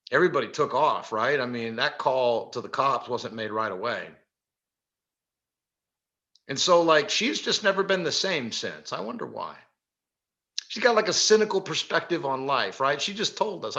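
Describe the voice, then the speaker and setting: A middle-aged man telling a story at a workshop, animated, with many fillers and frequent laughs. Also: mid-range voice, highs cut off. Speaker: workshop speaker. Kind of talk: storytelling talk. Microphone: video call.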